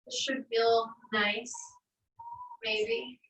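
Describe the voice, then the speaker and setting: A woman fitness instructor calmly guiding a stretching cool-down, with encouraging cues and wry little asides. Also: sits high, unhurried, distant mic. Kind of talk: guided barre cool-down instruction. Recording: echoey room, voice from off-mic.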